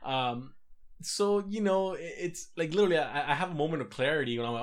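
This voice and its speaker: A young man co-hosting a casual podcast, reflecting in a relaxed way and acting out his own thoughts. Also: on the high side, a little fast. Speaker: podcast co-host. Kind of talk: casual chat.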